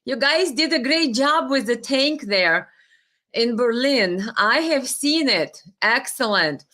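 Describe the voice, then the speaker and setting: A woman's voice: on the high side, expressive, takes it slowly, sharp tone. A woman hosting a casual live stream, chatting with viewers and greeting them by name, sometimes stumbling over names.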